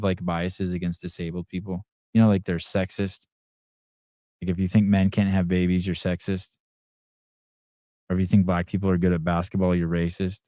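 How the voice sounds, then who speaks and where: A middle-aged man talks off the cuff on his podcast, profane and rambling, answering chat messages as they come in. His voice sits low, and the sound is dry and close with no room in it. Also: dark tone, dry recording. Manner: profane, rambling, reads chat comments aloud. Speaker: podcast host. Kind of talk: crude off-the-cuff livestream chat.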